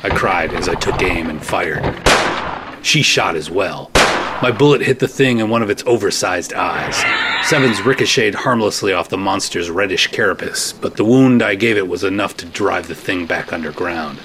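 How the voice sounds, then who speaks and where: A man giving a first-person scripted narration of an audio drama, steady and dry, with terse asides. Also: low-pitched, moderate pace. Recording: noisy recording.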